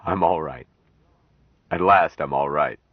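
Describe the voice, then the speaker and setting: A calm, wondering man raised apart from humankind, as a male reader plays him, slow, earnest and gently solemn. His voice sits very low, and the recording is dry and slightly dull. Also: dry recording.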